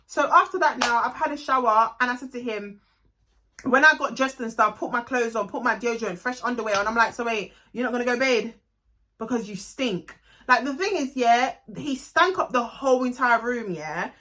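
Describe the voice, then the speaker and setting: A young London woman tells a storytime tale in a casual vlog. Her voice is bright and clear, a little high for a woman. She is blunt, animated and swears freely. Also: fairly quick, a little hiss or hum. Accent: London English. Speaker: vlogger.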